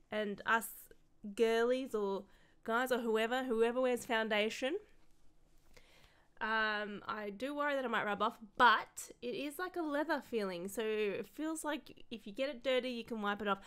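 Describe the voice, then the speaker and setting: Young female content creator, a touch high-pitched, gushing and sweary, rambling unboxing chatter. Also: a bit bright, clean tone. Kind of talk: casual unboxing vlog.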